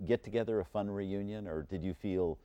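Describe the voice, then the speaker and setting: A man's voice: on the low side, a little fast, dark tone, no room sound, highs cut off. A man interviewing a guest, asking long, hesitant questions full of fillers.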